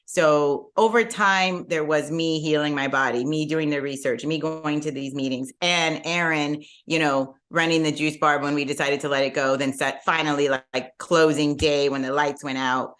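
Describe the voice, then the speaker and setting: A middle-aged woman telling her story as a podcast guest, laughing often and leaping up in pitch when amused. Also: steady tone, normal speed, hardly any pauses, a bit bright. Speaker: guest entrepreneur. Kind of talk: casual podcast interview.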